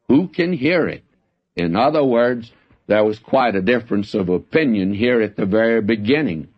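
A man teaching the Bible in a slow, earnest sermon with folksy asides. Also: on the low side. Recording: dull lo-fi recording.

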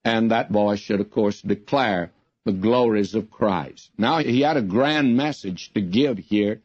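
An older man gives a radio Bible teaching at a very slow, deliberate pace, drawing out words he wants to land. His folksy, earnest delivery sits in a dry, close sound. The recording is dull and lo-fi, like an old radio broadcast. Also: fairly low pitch, darkish tone, dry recording. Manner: earnest, folksy, drawn-out emphasis.

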